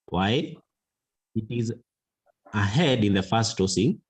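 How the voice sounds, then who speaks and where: A man teaching a mathematics lesson, slow and deliberate, repeating key words for emphasis. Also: on the low side, husky, rough recording. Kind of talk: classroom lesson.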